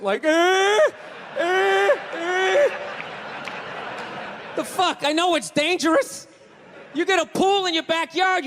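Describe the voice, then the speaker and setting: A man doing a stand-up comedy routine, ranting and swearing in loud bursts before a live audience. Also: very high voice, slight background noise. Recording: live hall reverb with audience.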